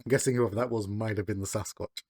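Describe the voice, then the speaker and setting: A man's voice: on the low side, steady tone, fast talker, a little mellow. A man co-hosting a podcast, recapping a cartoon episode in casual chat and chuckling between beats.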